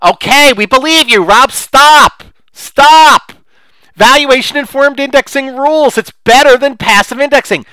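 A man's voice: very high-pitched, measured pace, pushed and bright, no room sound, voice pushed up, heavily acted, rough recording. A man voicing an impatient, pleading listener who mock-dramatically repeats his demands in a whiny tone. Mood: exasperated.

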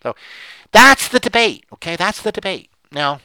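A man talks on his own in an impassioned, sarcastic monologue, hammering his points and repeating phrases. His voice is bright and a bit high, and it rises and falls a lot. The sound is dry and close. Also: expressive, normal speed, smooth, no room sound, rough recording. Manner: repetitive, sarcastic, emphatic. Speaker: commentator.

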